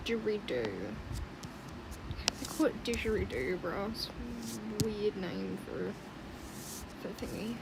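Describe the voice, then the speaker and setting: A woman's voice: mid-range voice, slow, creaky, long pauses, heavy background noise. Rambling young woman artist. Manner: rambling, chatty, often muttering quietly to herself. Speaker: artist streaming her drawing. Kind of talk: casual rambling chat while drawing.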